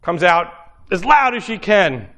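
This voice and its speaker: Man, preacher, high-pitched voice, rambling conversational sermon, lots of fillers. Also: sing-song, unhurried, a bit bright. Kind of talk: informal sermon storytelling.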